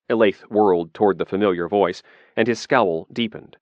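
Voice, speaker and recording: A man narrating a fantasy audiobook in a measured, steady reading. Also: lowish voice, no echo, lo-fi sound.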